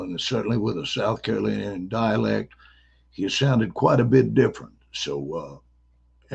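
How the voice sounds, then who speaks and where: A man from the American South, an actor guest telling stories in a playful, animated way. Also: fairly low pitch, vocal fry, slightly rough, highs cut off. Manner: playful, animated, slips into character voices. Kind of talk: casual interview storytelling.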